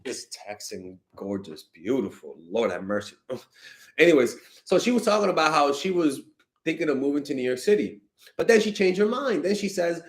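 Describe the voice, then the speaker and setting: A young man coaches fans on dating in a loose, unscripted stream. His voice sits fairly high and swings widely, and his delivery is blunt and exasperated, with casual swearing. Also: sing-song, normal speed. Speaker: dating coach answering fan questions. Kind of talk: casual livestream advice.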